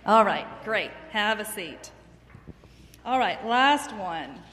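Gentle slow-talking woman teacher, echoey classroom. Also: mid-range voice, expressive. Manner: gentle, encouraging, asks many questions. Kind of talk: classroom lesson with children. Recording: echoey room, faint background noise.

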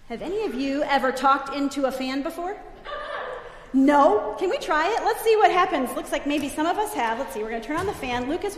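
A woman giving an animated, playful children's sermon in church, laughing often as she talks with the kids. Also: sits high. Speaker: children's message leader at church. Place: church sanctuary. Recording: echoey church hall with long reverb.

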